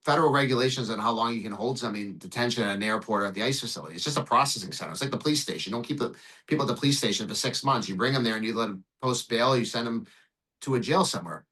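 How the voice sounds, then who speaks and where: A man, an immigration lawyer, recounts a case in a podcast interview. He talks at a rapid clip in a bright, forceful voice. He is animated and blunt, swears freely and plays out the back-and-forth himself. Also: mid-range voice, poor audio. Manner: animated, profane, acts out dialogue.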